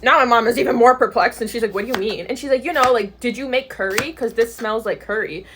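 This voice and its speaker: Fast-talking young woman, laughing storyteller. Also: fairly high pitch, a little hiss or hum. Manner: animated, laughing often, slangy. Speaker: storytime vlogger. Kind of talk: casual storytelling to camera. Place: New York City.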